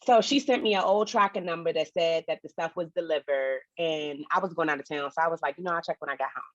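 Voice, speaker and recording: A woman's voice: low-pitched, quick pace, no echo. Blunt woman on a dull, dry line. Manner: blunt, swears casually, acts out phone calls. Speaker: podcast co-host. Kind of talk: casual storytelling chat.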